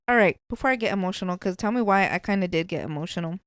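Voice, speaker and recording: A woman's voice: medium pitch, rapid-fire, clean tone, dry recording. A woman hosting a podcast, chatting casually in a blunt, profane way. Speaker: podcast host.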